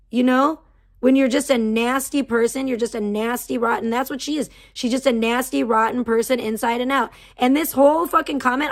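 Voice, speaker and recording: Woman on her live stream, heated and cussing nonstop, pitch a bit high. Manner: profane, heated, venting. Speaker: livestream host. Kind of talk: angry livestream rant.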